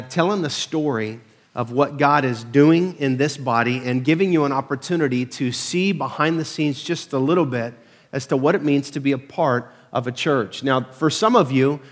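A man preaching a casual, conversational sermon to his church, peppered with "uh" fillers and self-deprecating humor. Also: medium pitch. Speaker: pastor.

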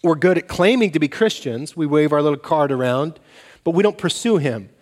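In a large hall with long reverb, this pastor gives an animated sermon, weaving stories and performing snippets of dialogue. He speaks fairly quickly in a fairly high pitch.

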